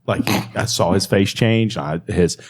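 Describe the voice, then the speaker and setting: A man with a fairly low voice co-hosting a podcast. He teases his co-host in easygoing banter, laughing through his stories. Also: a little slow, a little mellow, slight background noise. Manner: teasing, laughs while telling stories. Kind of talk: casual chat.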